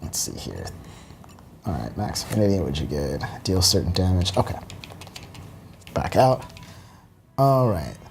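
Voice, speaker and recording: A man giving relaxed, halting commentary while demonstrating a video game, with many fillers. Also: lowish voice. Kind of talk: casual gameplay commentary. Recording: faint game music behind.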